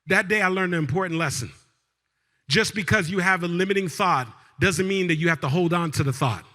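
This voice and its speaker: Bright, booming motivational keynote man. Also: fairly quick. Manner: energetic call-and-response with the crowd; storytelling with big swings between loud and hushed. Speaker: keynote speaker. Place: large event hall. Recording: live hall with long reverb.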